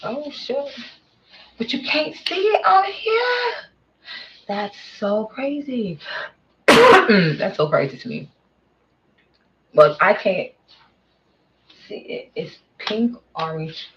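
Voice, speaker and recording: A woman narrates her vlog in a casual, excitable way, her pitch swinging widely as she exclaims and then drops to murmurs. She speaks slowly and unhurriedly. The recording sounds dull and lo-fi. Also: a little hiss or hum. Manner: animated, exclaiming, trailing into murmurs. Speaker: vlogger.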